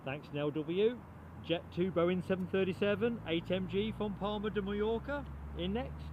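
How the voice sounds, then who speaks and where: A man's voice: high voice, normal speed, highs cut off, noisy background. Chatty male plane spotting livestream host. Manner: chatty, reads out viewer comments and thanks them by name. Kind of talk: live plane spotting commentary. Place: outdoors on a grassy mound beside an airport runway.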